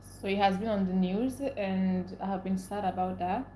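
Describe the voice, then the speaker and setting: Speaking at normal speed in a warm, medium-pitched voice, this livestream host from Nigeria reads out comments and welcomes viewers by name. She is visibly upset and rants emotionally as she chats. The low-quality recording is reverberant with a little hiss or hum.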